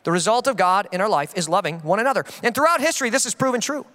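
A very high-voiced man preaching with passion, his tone bright and forceful. He is a pastor leaning hard into his points and acting out the voices he quotes. His sermon rings with the long reverb of a large hall. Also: animated, very fast.

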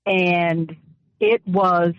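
Slow, emphatic woman on dull radio audio. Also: fairly low pitch, fairly even intonation, no echo. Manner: emphatic, slow, deliberate with repeated phrases. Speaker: radio talk show speaker. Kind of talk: impassioned commentary and personal storytelling.

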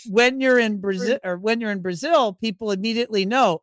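A man's voice: high-pitched, a little fast, fairly bright tone, dry recording, clean studio sound. A man from Virginia with a mostly neutral American accent, hosting an interview in a chatty, conversational way. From Virginia, United States. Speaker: podcast host. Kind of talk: casual interview talk.

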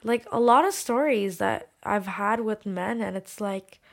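A young woman talks openly as a guest on a podcast. Her voice sits at an ordinary middle pitch, and her delivery is frank and emotional. She swears freely and leans on "like" as she works through her thoughts. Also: measured pace, gravelly. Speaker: musician guest. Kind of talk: candid podcast conversation.

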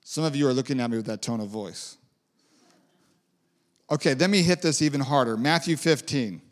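A man's voice: medium pitch, moderate pace. A man preaching a sermon in a conversational way, with lilting, sing-song emphasis and casual asides.

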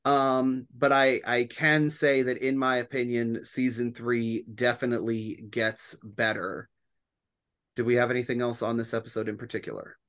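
A man's voice: mid-range voice, steady tone, normal speed, fairly bright tone. A man hosting a podcast in casual chat, rambling and laughing often. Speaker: podcast host.

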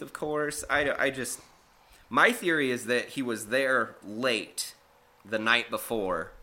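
A man telling a rambling, profane story in casual podcast chat, acting out the people in it. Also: mid-range voice. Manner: profane, animated, acts out quotes.

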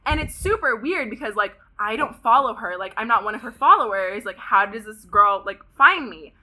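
A woman of about twenty from Pasadena, California, telling a story as a podcast guest in an animated way, saying "like" constantly and swearing often. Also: fairly high pitch, moderate pace. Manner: animated, heavy use of "like", frequent swearing. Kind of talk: casual storytelling interview.

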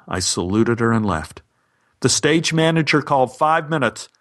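A man's voice: mid-range voice, moderate pace, fairly bright tone. A man narrating a personal story for a podcast with dry, wry humor.

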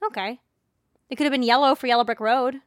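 A woman co-hosting a podcast in casual comedic chat, quick and questioning as she builds on the jokes. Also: a little high, steady tone, no echo, studio quality. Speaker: podcast co-host.

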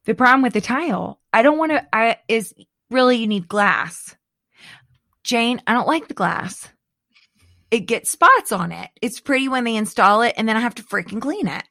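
A middle-aged woman in casual chat, animated and dramatic, laughing often. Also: a little high, normal speed, no echo, clean studio sound.

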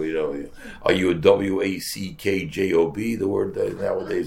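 An older man, a rabbi, telling a story in a sermon with animated, repetitive speech sprinkled with Yiddish and Hebrew words. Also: low voice, normal speed, creaky. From United States.

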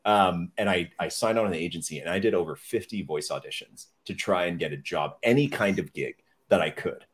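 Deep-voiced man. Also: a little fast, few pauses. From Canada. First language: French. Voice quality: deep, radio-like voice. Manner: rambling, self-deprecating storyteller with many fillers. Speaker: podcast guest. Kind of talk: casual chat.

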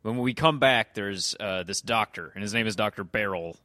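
A man's voice: fairly low pitch, normal speed, pushed and bright, dry recording, clean studio sound. A man hosting a podcast, casually and ramblingly recapping a TV episode with a co-host. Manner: loose, rambling recap, often slips into quoting characters. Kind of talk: casual chat.

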